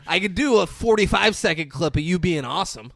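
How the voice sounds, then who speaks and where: Animated, profane man recapping a film. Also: high-pitched, fast, gravelly, no echo. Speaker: podcast host. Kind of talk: casual comedic film recap.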